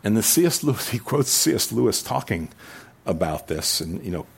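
Pastor guy preaching, kinda low voice, chatty asides then gets loud and emphatic. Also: big pitch swings, normal speed, vocal fry, husky. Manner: conversational, digressive, rising to emphatic preaching. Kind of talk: sermon.

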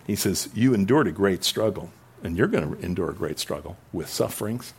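A man's voice: low voice, fairly quick, darkish tone, husky. A man preaching a sermon who reads scripture with rising emphasis and then explains it in a casual way. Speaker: pastor.

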